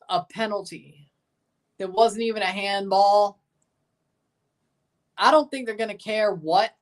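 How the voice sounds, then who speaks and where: A woman hosting a live football watchalong, talking at a middle pitch in a loose, casual way. She is opinionated and quick to judge each play. When something big happens on the pitch, she breaks into loud, excited shouts. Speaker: watchalong host. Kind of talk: live match reaction commentary.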